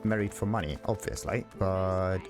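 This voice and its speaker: A man's voice: low-pitched, moderate pace, over music. A man hosting a game let's play, casually reading dialogue options aloud, chuckling and musing to himself. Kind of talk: casual gameplay commentary.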